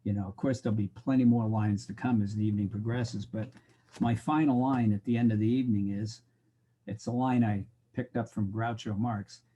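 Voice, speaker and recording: Middle-aged guy teaching sociology, dark husky voice, cracks jokes. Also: lowish voice, steady tone, normal speed. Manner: joking, wry, talks to the class directly. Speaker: college instructor. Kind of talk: recorded lecture.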